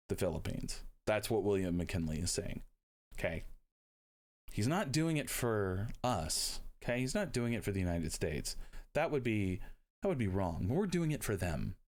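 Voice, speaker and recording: A man teaching history in a casual video lecture, blunt and irreverent, talking loosely with lots of fillers and asides. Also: on the low side.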